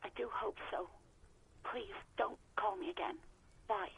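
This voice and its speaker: A woman's voice: mid-range voice, steady tone, unhurried, vocal fry, background noise. A woman voicing a nervous young former bar waitress who talks on the phone, apologetic and evasive. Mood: anxious. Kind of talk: video game voice acting.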